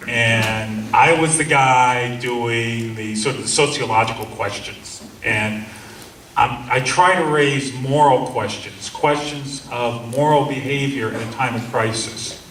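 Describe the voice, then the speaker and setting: A man's voice: medium pitch, slow pace, fairly bright tone. Earnest man speaking in an echoey room. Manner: earnest, acts out quoted officers. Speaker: seminar speaker. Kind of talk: storytelling talk to an audience. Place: seminar room. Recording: roomy, distant mic, faint hum.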